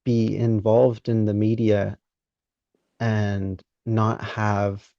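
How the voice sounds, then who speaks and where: A man hosts a conversational podcast interview, speaking in a measured, deliberate way and pausing mid-thought. His voice is low and gravelly with a dark, mellow timbre. The sound is dry and dull, like a lo-fi call recording. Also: flat delivery, no room sound. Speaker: podcast host.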